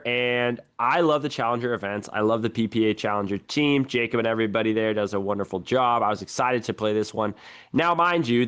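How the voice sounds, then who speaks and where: A young man hosting a casual podcast, telling his stories in a chatty, animated way. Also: fairly low pitch, clear, resonant tone. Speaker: podcast host.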